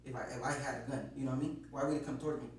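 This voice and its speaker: A man's voice: mid-range voice, steady tone, rapid-fire, darkish tone. A man being questioned, nervously rambling through his account with lots of swearing and restarts. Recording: very echoey room, distant mic, faint hum.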